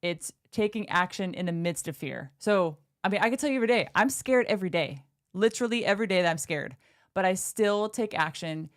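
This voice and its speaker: A woman's voice: mid-range voice, animated, brisk, no room sound, clean studio sound. A woman co-presenting a business workshop, earnestly telling her own story and encouraging listeners. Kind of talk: motivational business talk.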